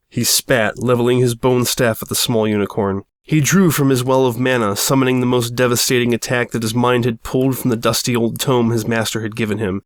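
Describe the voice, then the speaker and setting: A man's voice: medium pitch, brisk, few pauses, no room sound, studio quality. A man narrating a story aloud with a wry, mock-dramatic delivery. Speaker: audiobook reader.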